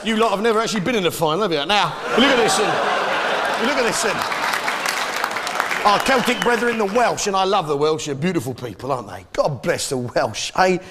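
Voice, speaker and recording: Brash comic ranting on stage. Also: male voice, high voice, lively intonation, a little fast, a loud crowd. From Britain. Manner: brash, blustering patriotic rant. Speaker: stand-up comedian. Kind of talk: stand-up comedy. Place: live comedy venue. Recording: live audience laughter and noise.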